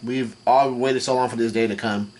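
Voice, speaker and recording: A man casually recapping a comic chapter as he reads, stumbling over names and restarting lines often. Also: medium pitch. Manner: halting, full of restarts and fillers, reads quoted lines flatly. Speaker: manga reaction vlogger. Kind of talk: casual recap while reading.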